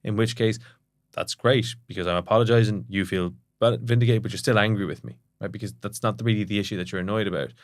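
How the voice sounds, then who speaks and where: A middle-aged man, a therapist, explaining ideas in a fast, conversational way and checking in with "right?". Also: lowish voice, no echo, clean studio sound. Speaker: psychotherapist guest.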